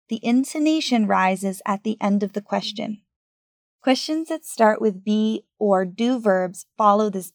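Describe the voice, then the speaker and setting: A woman coaching English learners, giving a scripted, clear, evenly paced lesson narration. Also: mid-range voice, no room sound, clean studio sound.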